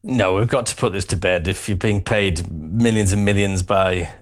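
A man speaking firmly and deliberately as a sports radio pundit, pausing on fillers. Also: low voice. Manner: firm, deliberate, hesitant fillers. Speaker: studio pundit. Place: radio studio.

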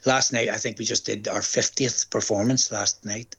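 A man's voice: fairly low pitch, fairly even intonation, normal speed, creaky, fairly bright tone, slightly rough. Older northern irish guy, stage actor, chatty and storytelling, does little voices when he quotes people. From Northern Ireland. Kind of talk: casual interview chat.

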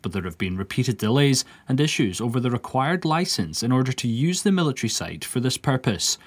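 A man reading a scripted radio news report in a steady, formal way. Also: medium pitch, a little fast, slightly rough.

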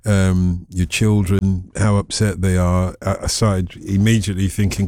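Mellow, sympathetic radio host man. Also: deep voice, level tone, measured pace, hardly any pauses, dry recording, clean studio sound. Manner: sympathetic, encouraging. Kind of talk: radio phone-in conversation.

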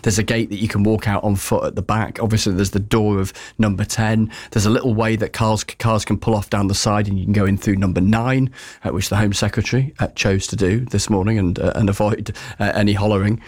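A man talks loosely and conversationally on a news podcast, his voice sitting on the low side. He fills his talk with ums and uhs, and his throat is scratchy from pollen. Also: level tone, brisk, a little mellow. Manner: chatty and discursive, with many fillers. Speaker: political correspondent. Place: Westminster.

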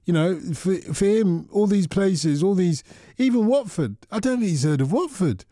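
Chatty male radio host, dark dry voice. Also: high-pitched, expressive, normal speed, no echo. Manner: rambling, repeats himself, chatty. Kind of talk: casual radio chat with callers.

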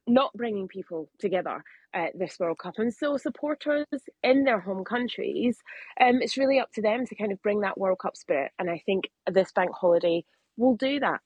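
A woman's voice: medium pitch, husky, no echo, lo-fi sound. A woman interviewed as a guest on a radio phone-in, setting out her argument fluently with the odd filler. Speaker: guest commentator.

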